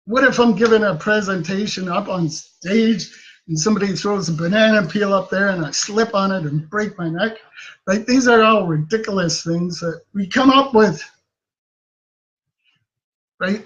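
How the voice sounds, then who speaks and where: A man with a high voice gives casual self-help advice straight to the camera. He talks in a chatty way and keeps checking in with a questioning "right?". The recording sounds dull and lo-fi. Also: fairly bright tone. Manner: chatty, ends many sentences with a questioning "right?". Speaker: self-help video host.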